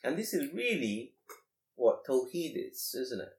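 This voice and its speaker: Teacher explaining verses in an echoey room. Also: male voice, mid-range voice, sing-song. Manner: explanatory, asks the class many rhetorical questions; recites verses quickly in Arabic. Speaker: Quran teacher. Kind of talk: classroom lesson on Quranic grammar.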